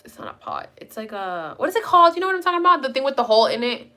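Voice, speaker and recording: A woman's voice: sits high, big pitch swings, very fast, sharp tone. A young woman live-streaming at home, chatting with viewers in a rambling, casual way and swearing now and then. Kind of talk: casual chat.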